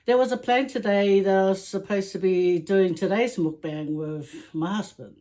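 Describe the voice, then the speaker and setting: A woman vlogging a mukbang at home, chatting casually to her viewers in an unhurried way, with small laughs and sighs. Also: medium pitch. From Samoa. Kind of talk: casual chat to camera.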